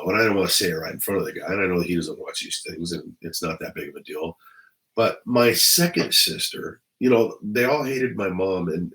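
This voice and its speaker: A man's voice: low voice, a bit bright, rough recording. A middle-aged man, a retired police officer, telling stories in a blunt, profane, rambling monologue.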